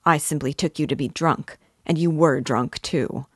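A woman voicing a shrewd middle-aged male magistrate who presses his point in a measured, quietly insistent way. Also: sits low, slightly rough, dry recording, clean studio sound. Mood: calmly pressing.

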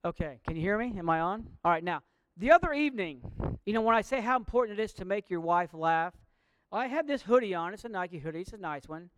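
A man with a high, smooth, resonant voice delivers a sermon, talking earnestly and directly to his listeners. The sound is dry and close, with no room echo. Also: animated, fast, a bit bright. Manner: earnest and direct, jokes with the congregation. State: out of breath. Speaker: pastor.

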